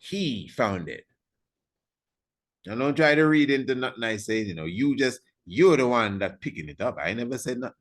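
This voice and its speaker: A man's voice: mid-range voice, animated, moderate pace. A man giving an informal history lecture, emphatic and repetitive, firing rhetorical questions at his listeners and chuckling at his own remarks.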